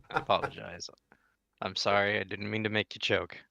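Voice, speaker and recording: A man's voice: on the low side, steady tone, normal speed, gravelly, pushed and bright, dry recording. A man joking and chatting casually while playing a video game with a friend. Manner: joking, laughs easily. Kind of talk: casual gaming chat.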